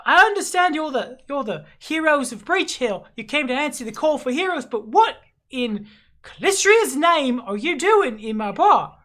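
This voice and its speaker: A brash tavern keeper woman in her thirties, high and loud, blustering and stammering when caught off guard, put on by the game master. She sounds bright and forceful. Her speech is gruff and plain, right out of a tabletop game. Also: very animated, moderate pace, heavily acted.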